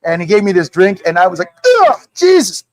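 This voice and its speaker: A man's voice: high-pitched, quick pace, no echo, poor audio. A middle-aged man, a whisky brand founder, telling stories at a live tasting in a liquor store and acting out the people in them. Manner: animated storyteller who acts out quoted dialogue. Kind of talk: casual storytelling at a live tasting.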